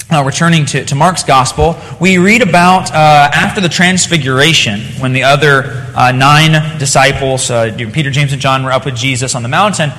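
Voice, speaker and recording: A man's voice: on the high side, bright, forceful tone. Earnest preacher man, reverberant hall. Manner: earnest, conversational with fillers, reads scripture aloud. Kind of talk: sermon.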